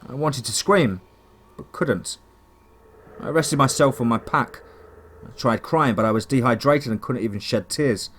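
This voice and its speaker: A man's voice: mid-range voice, unhurried, fairly bright tone, slight background noise. A man narrating a first-person horror story in a dramatic, tense storytelling manner.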